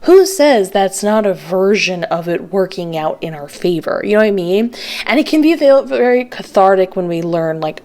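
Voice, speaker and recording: A woman giving a tarot reading to camera in a casual, chatty way, with lots of fillers and her pitch jumping up on stressed words. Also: expressive, moderate pace, darkish tone. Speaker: tarot reader.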